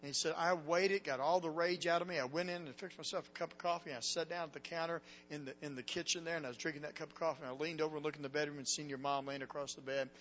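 Dramatic preacher, hushed to shouting. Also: male voice, fairly high pitch, fairly even intonation, very fast, hardly any pauses, in a large hall. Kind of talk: sermon storytelling. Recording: dull lo-fi recording with faint hum.

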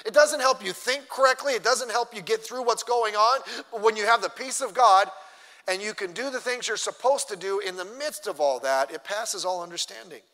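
A man preaching a sermon as pastor, emphatic, swinging between loud and soft. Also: high-pitched, normal speed. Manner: emphatic preaching, rising and dropping in loudness. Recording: long hall reverb.

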